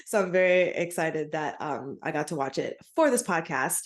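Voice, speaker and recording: A woman's voice: low-pitched, expressive, normal speed. A woman co-hosting a podcast in casual chat, talking freely, laughing often and tripping over names. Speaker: podcast co-host.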